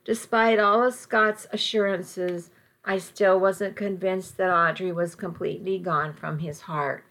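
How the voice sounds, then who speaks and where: Woman narrator for a first-person audiobook; slow, measured, quietly tense read. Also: fairly low pitch, steady tone.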